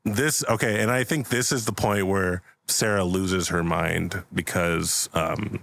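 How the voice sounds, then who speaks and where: A man's voice: sits low, fairly even intonation, unhurried, creaky, fairly bright tone, a little hiss or hum. A young man hosting a podcast, improvising a story in casual chat, rambling with many filler words and frequent laughs. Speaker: podcast host.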